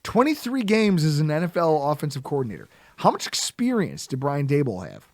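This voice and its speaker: Animated sarcastic man ranting. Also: on the high side, a little fast, dry recording. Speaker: podcast host. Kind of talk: casual sports podcast rant.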